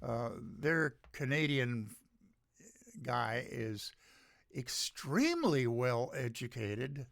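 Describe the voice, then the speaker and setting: An older American man hosts his own show, ranting in a halting, sardonic way, with many pauses as he searches for words. His voice is gravelly and he speaks at an unhurried pace. The recording is dry and close, with little room sound. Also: mid-range voice, very animated, fairly bright tone, no room sound. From United States. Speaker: podcast host. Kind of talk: solo opinion rant.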